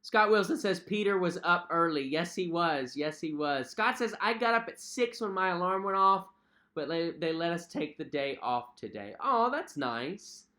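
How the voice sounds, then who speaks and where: A man's voice: sits high, expressive, normal speed, bright, forceful tone. A young man hosting a casual livestream, chatting in a friendly way, reading out viewer comments and repeating himself with many fillers. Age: young adult. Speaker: cruise vlog host. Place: at home.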